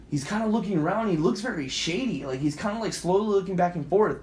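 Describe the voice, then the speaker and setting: A young man co-hosting a podcast, telling a story in an animated, profane way and acting out the scenes. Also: high voice, fast. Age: young adult. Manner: profane, acts out scenes with quoted voices and filler sounds. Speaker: podcast co-host. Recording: roomy echo.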